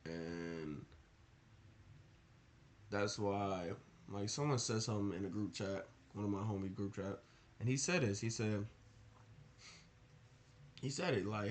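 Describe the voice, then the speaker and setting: A man's voice: fairly low pitch, normal speed, long pauses, a little hiss or hum. A young man giving casual motivational advice in a rambling, earnest way, often asking rhetorical questions. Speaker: motivational vlogger.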